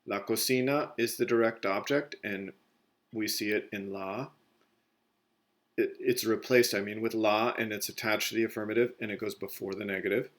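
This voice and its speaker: A man's voice: lowish voice, fairly even intonation, moderate pace, fairly bright tone. A male Spanish teacher walks through a recorded grammar lesson step by step, correcting himself as he goes. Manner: explains step by step, corrects himself mid-sentence.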